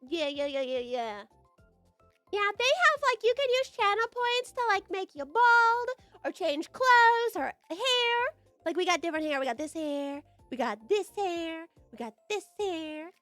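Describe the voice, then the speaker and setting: Young American woman streamer, very high childlike voice, bouncy and lively. Slow, playful, giggly delivery on a dry close mic. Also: no echo, soft background music. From United States. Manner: bubbly and giggly, playful teasing. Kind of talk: casual live-stream chat with viewers.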